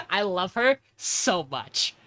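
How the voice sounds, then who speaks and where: A man hosting a podcast, casually recapping an anime episode in an animated way. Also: high voice, slow pace. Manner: animated, acts out character lines. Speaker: podcast host.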